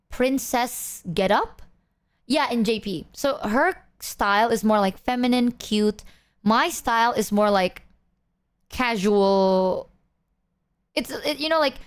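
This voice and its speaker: A woman's voice: a little high, clean tone. A young woman streamer telling a long story to her viewers, rambling with lots of fillers and laughing often. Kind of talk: casual chat to stream viewers.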